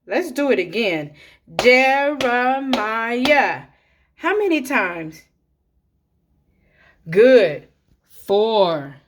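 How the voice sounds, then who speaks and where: Slow, clear-spoken woman teacher for small children. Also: mid-range voice, very animated, darkish tone, a little hiss or hum. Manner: slow and deliberate, counting and clapping out names for small children.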